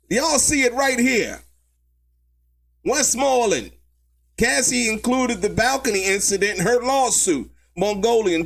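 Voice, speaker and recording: A man, running live commentary with a high, gravelly voice. He talks slowly and lets his pitch swing widely while he mocks and laughs at what he reads out. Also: slight background noise. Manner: animated, mocking, laughs often, slangy. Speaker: YouTube commentary host. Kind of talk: live commentary on court testimony.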